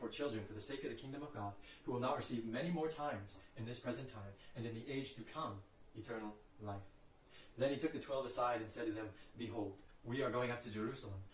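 A man reciting Bible passages from memory in a brisk, steady way, lifting his voice for the quoted cries. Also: medium pitch, roomy sound, far from the mic, a little hiss or hum, rough recording. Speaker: Scripture reciter.

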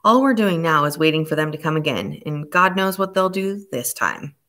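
A woman reading an audiobook, voicing a worried middle-aged mother who speaks quietly and earnestly. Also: low voice, very animated, normal speed. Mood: grave.

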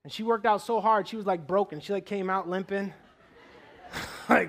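A man preaching in a church, telling his story with animated swings from loud to low and quiet prayer. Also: normal speed, pauses often. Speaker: guest preacher. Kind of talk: sermon testimony. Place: church sanctuary.

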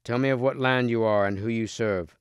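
A man voicing a noble, wounded king who speaks slowly and solemnly, in a storybook reading. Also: mid-range voice, steady tone, clean tone, dry recording, studio quality, natural voice. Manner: slow, solemn and measured.

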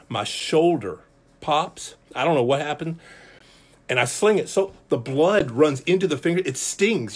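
A male pastor teaching a Bible study, telling a story in an animated, self-mocking, conversational way. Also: on the high side, husky. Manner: lively, conversational delivery to the group.

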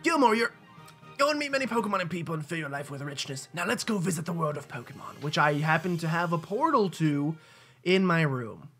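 A man's voice: a little high, animated, fairly quick, a bit bright, soft background music. A man voicing a suave male game professor, reading his lines in a put-on, not quite convincing French accent. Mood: grand. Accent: fake French. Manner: grand, theatrical welcome speech. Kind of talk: reading game dialogue aloud.

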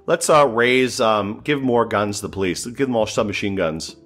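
A gameplay streamer with a lowish, slightly bright voice talks at a moderate pace while playing a strategy game, cracking jokes, thinking aloud, and sounding exasperated. Faint music plays behind him.

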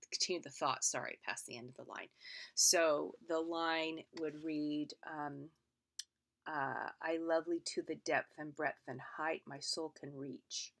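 Woman, low voice, gravelly, lecture, explains step by step, checks in with "right?". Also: fairly bright tone. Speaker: literature teacher. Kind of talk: recorded lecture.

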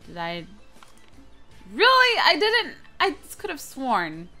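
A young woman hosting a gaming channel, giving excitable, playful let's-play commentary with frequent squeals and giggles. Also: high voice, slow, soft background music.

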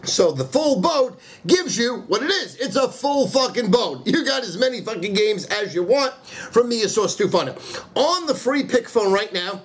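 Brief: loud, foul-mouthed New handicapper, very high-pitched man, rant then hard sell. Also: lively intonation, moderate pace. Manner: loud, profane, ranting. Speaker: sports handicapper. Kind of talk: profane comedic rant and sales pitch.

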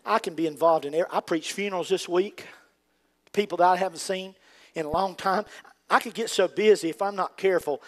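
An older man with a Southern accent from North Carolina preaching a fervent sermon, swinging from loud emphatic rises to quiet asides. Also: high voice. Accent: Southern American. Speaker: pastor.

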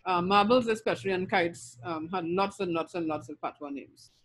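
A woman's voice: fairly low pitch, normal speed. A middle-aged woman from Trinidad with a Trinidadian accent, giving a recorded linguistics lecture and listing terms steadily with frequent ums.

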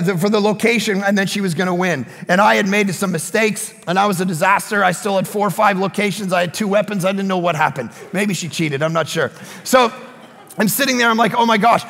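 A man preaching a sermon as pastor, telling a story with animated energy and sudden shouted bursts. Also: high voice, vocal fry, long reverb tail. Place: church sanctuary.

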